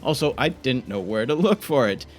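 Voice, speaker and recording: A man's voice: mid-range voice, big pitch swings, moderate pace. A young man giving frantic, frustrated commentary while playing a game. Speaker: gaming YouTuber. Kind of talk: gameplay commentary.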